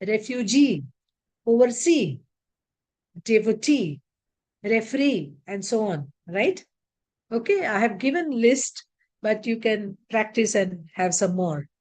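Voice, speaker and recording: A woman teaching English word stress in an online lecture, reading word lists aloud slowly and deliberately. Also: mid-range voice, darkish tone. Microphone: video call.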